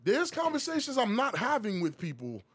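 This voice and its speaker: A man co-hosting a comedic podcast, talking in casual banter and swinging from loud outbursts to low mutters. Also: huge pitch swings, normal speed, slightly rough. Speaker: podcast co-host.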